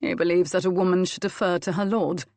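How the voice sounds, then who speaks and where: A woman's voice: lowish voice, fairly even intonation, quick pace, darkish tone, no echo, lightly acted. A woman voicing a stern but fond Scottish earl scolding his wife, in an audiobook. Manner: firm, scolding, then teasing.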